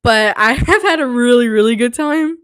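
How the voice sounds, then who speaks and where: A woman's voice: on the high side, normal speed, fairly bright tone, clear, resonant tone, dry recording. Hyper, rambling young woman podcaster. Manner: hyper, rambling, self-mocking. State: sleep-deprived and slap-happy; sore throat from yelling. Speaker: podcast host. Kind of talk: casual solo podcast chat. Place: small home studio. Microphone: studio mic, close.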